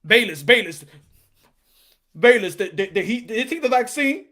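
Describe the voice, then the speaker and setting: A man's voice: very high voice, expressive, moderate pace, bright, forceful tone. A man hosting a casual boxing live stream, bantering with his chat in a profane, laughing way. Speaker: boxing channel host.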